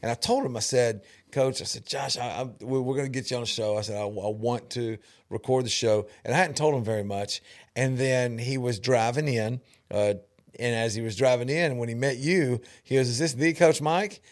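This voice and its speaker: A middle-aged man, hosting a casual chat and telling animated family stories full of laughter and restarts. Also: medium pitch, a little fast. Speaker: podcast host.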